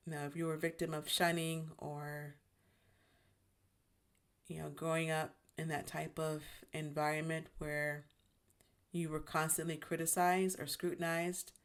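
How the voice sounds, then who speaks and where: A woman hosting her own channel, talking in a gentle, reflective monologue about healing, with frequent restarts as she searches for words. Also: sits low. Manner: gentle, self-reassuring, many restarts. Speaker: YouTube channel host.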